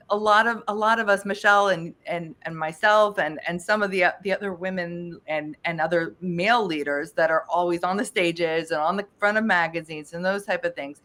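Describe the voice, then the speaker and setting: Woman, podcast guest, talkative and emphatic, mid-pitched voice. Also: a bit bright. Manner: talkative and emphatic, many restarts. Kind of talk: casual interview chat.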